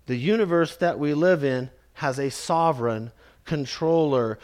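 A man preaching a sermon, slow and emphatic, repeating key phrases and calling his listeners "beloved". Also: fairly high pitch, a little mellow.

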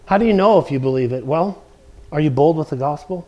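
Male preacher, fairly high voice, emphatic sermon delivery, leans on repeated key phrases. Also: animated, fairly quick, darkish tone, lo-fi sound. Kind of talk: expository sermon.

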